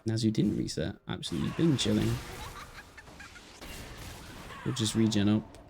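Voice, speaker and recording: A man casting a live esports match, chatting to the stream chat between plays and shouting when fights break out, tired and yawning. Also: fairly low pitch, expressive, normal speed, gravelly, background noise. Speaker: esports caster. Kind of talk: live play-by-play commentary.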